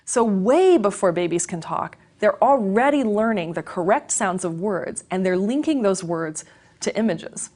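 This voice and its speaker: Woman giving a measured lecture. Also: mid-range voice, lively intonation, darkish tone. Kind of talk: scripted educational lecture.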